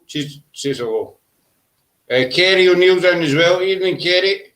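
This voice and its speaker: A man's voice: sits high, moderate pace, fairly bright tone, poor audio. A man co-hosting a live stream, casually reading out viewers' names from the chat and greeting them. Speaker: podcast co-host.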